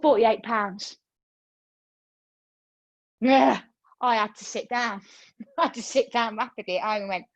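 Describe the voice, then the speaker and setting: A woman, leading a yoga class over a video call and telling a lively story, acting out her own reactions. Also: medium pitch, unhurried, long pauses, no echo, highs cut off. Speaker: yoga teacher. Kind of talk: chatty class talk with a personal story. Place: room used for online classes.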